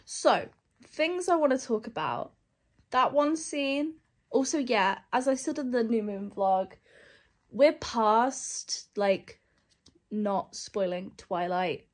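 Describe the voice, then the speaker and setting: A woman's voice: fairly high pitch, animated, slow pace. A young woman in a casual book vlog, candid and sarcastic, laughing often. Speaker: book vlogger. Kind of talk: casual reading vlog chat.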